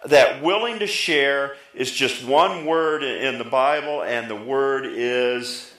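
A middle-aged man preaching a sermon as pastor, lively, often rising in pitch for emphasis and drawing answers from the congregation. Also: takes it slowly, roomy sound, rough recording. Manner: lively, pitch jumping up for emphasis, talks back and forth with the congregation.

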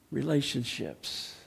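A man preaching a sermon, telling stories and asking questions, swinging between loud exclaiming and hushed, quiet passages. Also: mid-range voice, gravelly, slightly rough. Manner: storytelling with repeated restarts and rhetorical questions. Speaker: pastor.

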